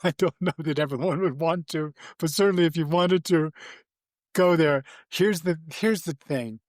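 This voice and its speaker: An older man, a podcast guest, telling animated and rambling anecdotes with frequent restarts. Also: on the high side, normal speed, no echo, clean studio sound. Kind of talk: casual interview storytelling.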